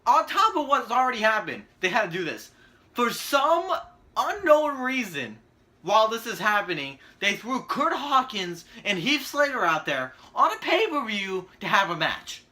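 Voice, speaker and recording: A man's voice: high-pitched, very animated, moderate pace, pushed and bright. A man giving a profane, sarcastic ranting video commentary as a vlogger.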